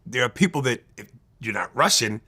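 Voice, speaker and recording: A man guesting as a comedian in a casual interview, talking in an animated, blunt way and slipping into impressions. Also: medium pitch, brisk, slightly rough. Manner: animated, blunt storyteller who slips into impressions.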